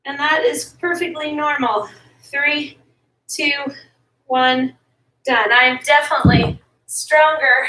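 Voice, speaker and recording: Woman fitness instructor, high voice, motivating workout coaching, echoey room, distant mic. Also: fairly even intonation, slow, bright, forceful tone, slight background noise. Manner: motivating, pushes listeners to keep going. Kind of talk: workout coaching while exercising.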